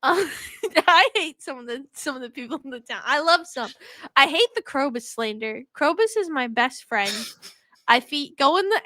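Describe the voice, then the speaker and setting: A woman co-hosting a podcast in casual chat, excitable and quick to swear and laugh. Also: sits high, dry recording, studio quality. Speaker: podcast co-host.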